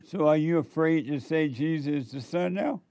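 A preacher from Alabama, chatting casually and asking quizzical, teasing questions. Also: male voice, on the high side, moderate pace, warm tone, dry recording. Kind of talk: casual conversation.

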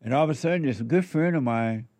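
A man's voice: mid-range voice, fast talker, darkish tone, no echo. A man giving commentary, drawing out words with sermon-like emphasis. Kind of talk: slow, preachy commentary.

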